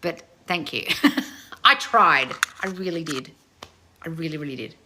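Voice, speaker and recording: A woman in her thirties, a channel host reading viewer comments in a loud, blunt, casual way and swearing freely. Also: sits low, lively intonation, a little slow, background noise. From family of Croatian heritage. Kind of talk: casual live chat.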